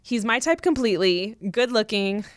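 A young woman co-hosts a casual podcast and reads a listener's letter aloud. She breaks in often with chatty asides and laughter. Her voice sits a little high and sounds close and dry. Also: expressive, moderate pace, dry recording.

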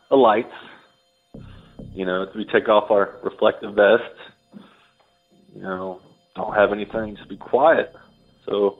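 A man telling a rambling first-person story, acting out the voices of the people in it. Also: fairly low pitch. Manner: rambling, acts out quoted voices. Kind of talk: casual storytelling. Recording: phone-line audio with faint music.

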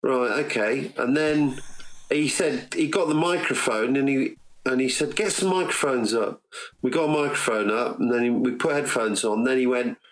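A man's voice: mid-range voice, normal speed, low-quality recording. Man telling a rambling anecdote. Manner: rambling anecdotes, acts out quoted dialogue. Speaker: podcast guest, recording engineer. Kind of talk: casual storytelling interview.

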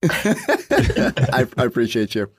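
A man's voice: mid-range voice, very animated, slow pace. A sports reporter guesting on a podcast, a man who thinks aloud in casual chat with many restarts and fillers.

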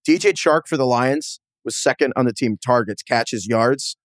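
New York man, podcast host, jokey quick chatter, middle pitch, dry close mic. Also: no echo. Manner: quick, joking, laughs often. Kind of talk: casual sports podcast chat.

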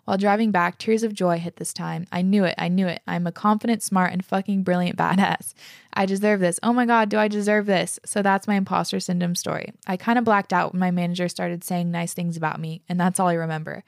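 A woman's voice: lowish voice, level tone, a little fast, creaky, no echo, clean studio sound. A young woman hosting a casual podcast, reading listener letters aloud and chatting about them, enthusiastic and swearing freely. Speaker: podcast host.

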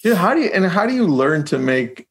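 Upbeat podcast host dude, slightly high voice, swings all over the place when he talks. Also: big pitch swings, fairly quick. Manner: upbeat, chummy, calls his guest dude and buddy. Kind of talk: casual chat.

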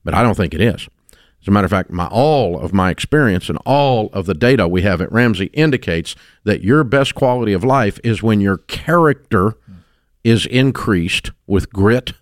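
A man's voice: lowish voice, no room sound. Middle-aged man, radio host, blunt and emphatic, dry studio sound. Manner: emphatic, blunt, rises to loud exclamations. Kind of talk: opinionated radio talk. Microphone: studio microphone.

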